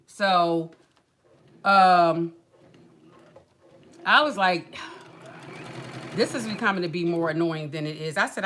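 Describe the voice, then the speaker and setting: Brief: woman livestream host, bright tone, chatty venting with lots of acted quotes. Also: fairly low pitch, slight background noise. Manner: animated, colloquial storytelling with acted quotes and sighs. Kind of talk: casual chat, venting story.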